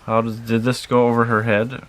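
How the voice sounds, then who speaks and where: A man with a Minnesotan accent who chats casually and answers in short, low-key replies, with loud noise behind him. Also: monotone, a little fast. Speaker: vlogger's partner. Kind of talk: casual chat.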